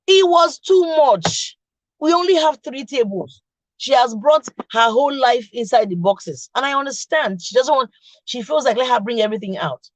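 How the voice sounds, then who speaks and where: A woman's voice: fairly high pitch, animated, moderate pace, dry recording. A middle-aged woman with a Nigerian accent hosting a casual chat, laughing often and teasing her viewers directly. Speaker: podcast host.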